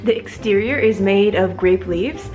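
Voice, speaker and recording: A woman's voice: medium pitch, measured pace, darkish tone, soft background music. A woman narrating her food vlog at home in a chatty, playful way. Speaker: food vlogger.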